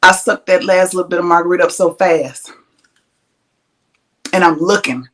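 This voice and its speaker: A woman hosting a podcast, telling a story in a casual, animated and profane way, laughing often. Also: fairly low pitch, moderate pace, noisy background. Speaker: podcast host.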